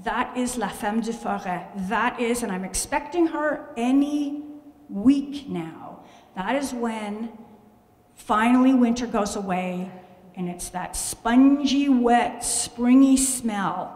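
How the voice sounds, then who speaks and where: A woman glass artist from Canada giving a lively gallery talk about her work, telling stories with exclamations and jokes at her own expense. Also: a little high, slow. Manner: animated storytelling, exclaims and jokes at herself. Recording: echoey hall with long reverb.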